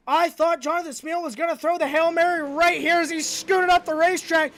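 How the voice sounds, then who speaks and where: A man announcing a live race with energetic, rapid-fire play-by-play commentary. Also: very high-pitched.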